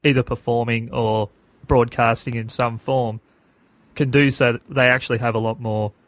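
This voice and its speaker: A man hosting a podcast interview, asking earnest, measured questions, his voice a little under the weather. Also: medium pitch, fairly even intonation, dry recording. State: slightly unhealthy voice. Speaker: podcast host.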